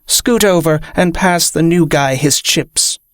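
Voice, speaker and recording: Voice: mid-range voice, measured pace, dry recording, clean studio sound, natural voice. A reader voicing a cranky, curt gray alien gambler.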